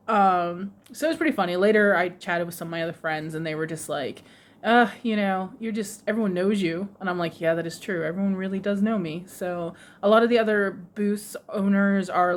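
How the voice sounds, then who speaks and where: Chatty woman vlogger, laughing storyteller. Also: medium pitch. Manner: animated, laughs often, mimics others' voices. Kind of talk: casual storytelling. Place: lives in Japan, runs a shop with her husband.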